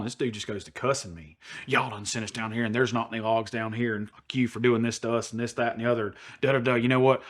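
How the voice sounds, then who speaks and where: Rowdy Southern man telling a tall tale. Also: medium pitch. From American South. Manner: rowdy, profane, acts out quotes with drawl. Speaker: podcast co-host. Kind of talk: animated storytelling.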